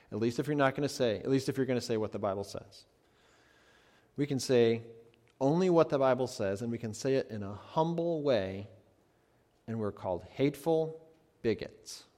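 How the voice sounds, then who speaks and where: A man, a pastor, preaching a sermon, swinging between emphatic lines and hushed ones. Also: mid-range voice. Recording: long hall reverb.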